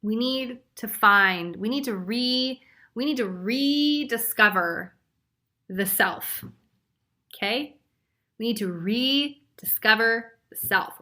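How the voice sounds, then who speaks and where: A woman giving a live group psychic reading, talking bluntly and swearing freely. Her voice is bright and forward, and she breaks into laughter and sudden whispers as she chats to listeners. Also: a little high, measured pace. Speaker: psychic reader.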